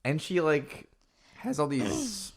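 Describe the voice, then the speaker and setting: Very low, gravelly-voiced young woman. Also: lively intonation, slow pace. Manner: laid-back, blunt, swears casually. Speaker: podcast co-host. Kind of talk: casual chat.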